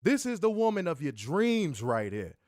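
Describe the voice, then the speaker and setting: A man's voice: on the high side, big pitch swings, normal speed, a little mellow, no echo, studio quality. A man hosting an interview, hyping his guest up in a playful, repetitive patter. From not from the South, city raised. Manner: playful hype-man patter, repeats himself. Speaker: interview host. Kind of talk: hyped casual interview.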